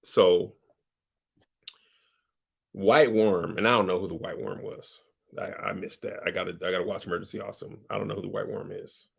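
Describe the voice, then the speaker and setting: A man's voice: fairly low pitch, vocal fry, husky. A man giving a comedic TV recap in loose, slangy speech, animatedly acting out scenes. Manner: animated slangy storytelling, acts out characters.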